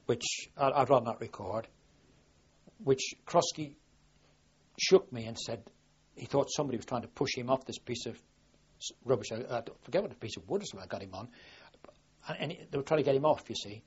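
A man's voice: medium pitch, brisk, pauses often, husky. An older man from southwest England, a war veteran, recalling his experiences in a rambling, plain-spoken way full of restarts. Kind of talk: oral history recollection. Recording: dull lo-fi archive recording.

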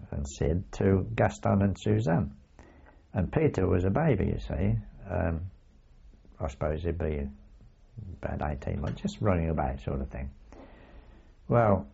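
An older man recalling his wartime days in a rambling oral history, full of asides and halting restarts. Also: sits low, gravelly, mellow, slightly rough. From England. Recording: dull lo-fi recording.

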